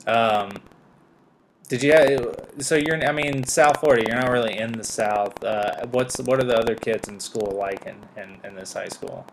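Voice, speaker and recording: Laid-back host, around thirty, noisy recording. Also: male voice, mid-range voice, normal speed. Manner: laid-back, curious, swears casually. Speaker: podcast host. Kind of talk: casual interview. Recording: noisy amateur podcast audio.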